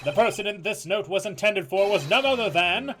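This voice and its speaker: A man's voice: high voice, lively intonation, brisk, a bit bright, voice pushed up. A man voicing a confident young male defense attorney in a fan game reading, with a stiff, formal courtroom delivery. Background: game music.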